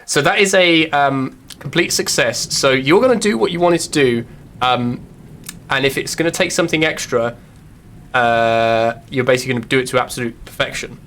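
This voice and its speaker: A man's voice: medium pitch, normal speed, a bit bright, a little hiss or hum. A man narrating as game master, hesitant and full of fillers.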